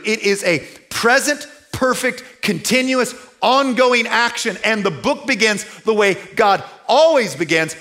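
A man's voice: very high-pitched, pushed and bright. A middle-aged man preaching a sermon in a conversational way, asking his listeners rhetorical questions. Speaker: pastor.

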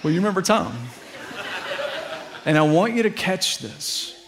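A man's voice: sits high, big pitch swings, a little slow, a crowd in the background, background noise. A middle-aged man preaching a sermon as pastor, earnest and building to fervent appeals.

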